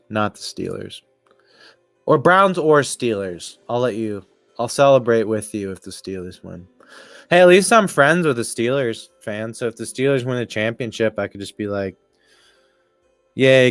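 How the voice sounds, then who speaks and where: Dude ranting about sports on a live stream, swears a lot, mid pitch, dry sound. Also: male voice, clear, resonant tone, no echo. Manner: rambling, profane, laughs while talking. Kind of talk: casual live game commentary.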